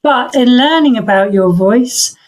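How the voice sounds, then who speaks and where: A middle-aged woman, a voice coach, talking thoughtfully in an interview, pausing to search for words and restarting her sentences. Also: fairly high pitch, poor audio. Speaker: voice coach guest. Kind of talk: reflective interview talk.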